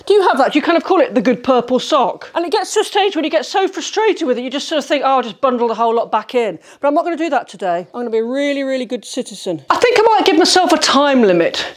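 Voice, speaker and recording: A middle-aged woman talks her way through a declutter vlog in her bedroom, her voice high and full of swooping ups and downs. She is chatty and exclamatory, and she pokes fun at herself as she goes. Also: sing-song, fast, hardly any pauses. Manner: chatty, exclamatory, self-mocking. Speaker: home organising vlogger. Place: bedroom, sorting socks on a bed.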